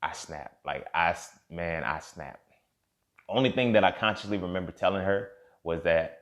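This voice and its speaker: A young man with a low, moderately paced, slightly bright voice tells a personal story in a casual monologue. Candid and profane, he reenacts the dialogue and gets heated in spots.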